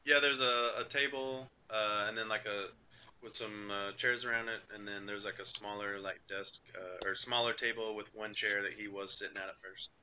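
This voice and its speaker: Guy gm, real bright voice, kinda halting, bit of hiss behind. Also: fairly low pitch, fairly even intonation. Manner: halting, casual, many fillers. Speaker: game master. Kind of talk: narrating a tabletop game.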